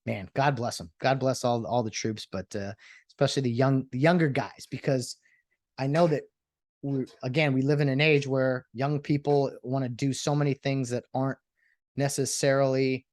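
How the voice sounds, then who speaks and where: A man's voice: mid-range voice, steady tone, moderate pace, darkish tone, dry recording, clean studio sound. A man hosting his own show, telling a story in a casual, rambling monologue full of fillers and restarts. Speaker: podcast host.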